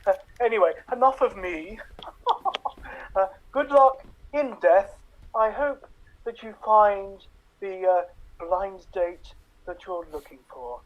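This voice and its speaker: A woman's voice: mid-range voice, highs cut off, natural voice. A woman doing a haughty, poisoning prime minister. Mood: condescending. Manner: posh, slow, condescending, chuckling. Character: haughty older female prime minister, cold. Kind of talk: improv comedy impression. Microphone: video call.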